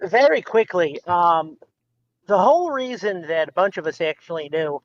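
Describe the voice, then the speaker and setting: A high-voiced man from the United States talks as a podcast guest, rambling and restarting with frequent ums. His voice comes through a dull, lo-fi online call. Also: expressive, normal speed, no room sound. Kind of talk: casual chat.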